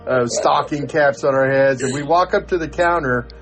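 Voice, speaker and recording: A man's voice: medium pitch, normal speed, faint music behind. An older man co-hosting a podcast, telling a story in casual chat and acting out the dialogue. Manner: animated storyteller, acts out the dialogue. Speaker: podcast co-host.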